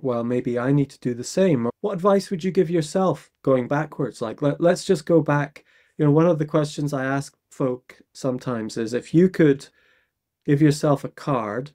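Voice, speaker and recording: A man hosting a podcast, with a warm, dark, mid-pitched voice. He thinks aloud as he asks his questions, rephrasing them gently until they land. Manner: thoughtful, probing, rephrasing questions. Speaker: podcast host. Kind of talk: interview questions.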